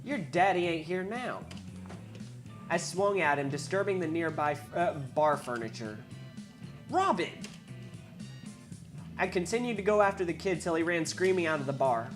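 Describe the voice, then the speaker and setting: A woman reading a visual novel aloud, wry, with asides and quick self-corrections. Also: low voice, lively intonation, over music. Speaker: game reader.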